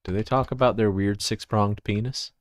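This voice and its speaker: A man's voice: fairly low pitch, steady tone, moderate pace. A man from Texas with a Texan accent, chatting casually on a livestream, rambling, giggling and trailing off into asides.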